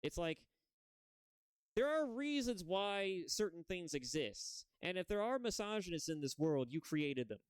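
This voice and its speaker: A man's voice: sits high, sing-song, measured pace, smooth, no room sound. A man hosting a reaction video, talking in a rambling way full of restarts and self-corrections. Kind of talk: casual video commentary.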